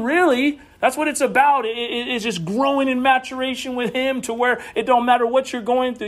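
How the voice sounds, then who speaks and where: A man preaching a sermon in church, telling stories conversationally, often repeating words and rising to emphatic peaks. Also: sits high. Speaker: pastor.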